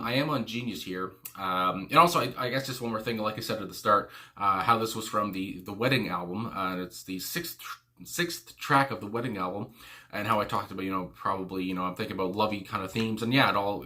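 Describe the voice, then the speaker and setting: In a lowish, bright, forceful voice that moves a little fast, a man hosts a music reaction video. He rambles casually, filling his talk with "you know" and frequent exclamations, often crying "my God."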